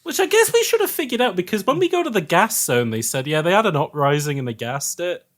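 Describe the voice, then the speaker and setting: A podcast co-host chats casually and drops short, dry quips, laughing along. The voice sits at a medium pitch. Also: sing-song, fast talker. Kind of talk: casual chat.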